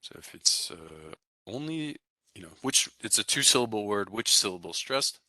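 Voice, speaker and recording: A man with a very low voice explains pronunciation to his class, steady and easygoing. His tone is strikingly bright and forceful, and it is recorded dry and close, with no room sound around it. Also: normal speed, no echo. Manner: relaxed, explanatory, frequent "right?" and "okay?" check-ins. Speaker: Russian language teacher.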